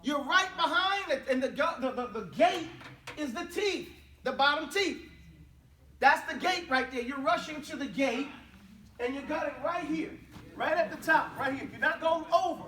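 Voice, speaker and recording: A man teaching Arabic pronunciation to a class, loudly modelling sounds for students to repeat and then explaining them. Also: extremely high pitch, normal speed. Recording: roomy classroom, far from the mic, class audible.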